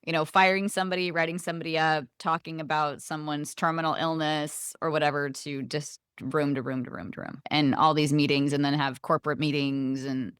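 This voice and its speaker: A woman who runs an HR firm, talking casually as a podcast guest in quick explanations. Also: sits low, level tone, a bit bright, clear, resonant tone, dry recording, studio quality. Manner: laughs a lot, quick explanations. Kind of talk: casual conversation.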